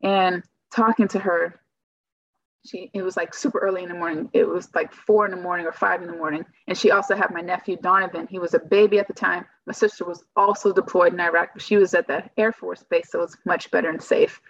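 A woman's voice: fairly low pitch, fairly even intonation, fast. A woman telling a personal story in casual, rambling speech, full of "like" fillers, on a slightly muffled recording. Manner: rambling, heavy use of "like" fillers. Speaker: guest telling her story.

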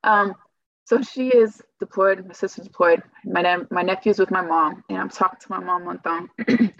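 Woman guest, rambling storyteller, filler-heavy, middle pitch, dull and dry recording. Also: steady tone, moderate pace, creaky, a bit bright, no echo. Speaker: guest telling her story. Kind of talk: casual personal storytelling.

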